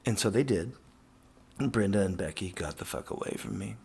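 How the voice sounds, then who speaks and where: Gravelly man telling a rambling story. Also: fairly low pitch, animated, brisk, darkish tone. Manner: rambling and profane, with many fillers. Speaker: professional skateboarder. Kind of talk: casual storytelling monologue.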